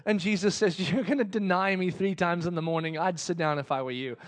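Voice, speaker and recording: A man preaching a sermon in a casual, chatty way, telling a story with sudden swings between loud excitement and hushed whispers. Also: high voice, brisk. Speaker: pastor.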